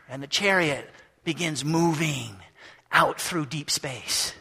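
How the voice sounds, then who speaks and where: A man preaching a sermon, telling the story with animation, acting out voices and shouting at its peaks. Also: on the high side, slow pace, husky.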